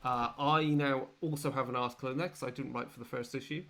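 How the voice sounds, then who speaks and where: A man's voice: medium pitch, steady tone, fast, a bit bright. A man hosting as game master, introducing his players and the tabletop game in a chatty, rambling way with many fillers.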